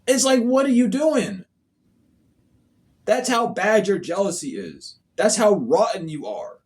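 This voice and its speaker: A man's voice: high voice, expressive, unhurried. A man talking straight to his viewers as a spiritual reader, in a blunt, profane, scolding way. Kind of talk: casual monologue to viewers.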